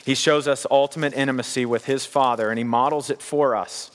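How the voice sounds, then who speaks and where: A man's voice: medium pitch, fairly even intonation, a little fast. A man preaching a sermon in a church hall, earnest and repeating key lines for emphasis. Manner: earnest, building to emphatic repetition. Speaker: pastor. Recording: long hall reverb.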